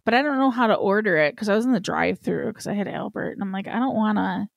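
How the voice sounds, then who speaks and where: Blunt, crude woman with a gravelly voice. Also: mid-range voice, lively intonation, fast talker, no echo. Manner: blunt, crude, self-mocking. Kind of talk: casual chat.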